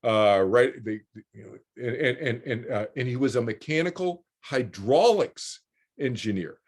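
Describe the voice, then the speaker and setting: A man in his sixties tells a personal story with animated energy, his voice at an ordinary middle pitch. He stumbles and repeats words as he goes and slips into the voices of the people he quotes. The sound is that of a video call. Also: measured pace. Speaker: interview guest, author.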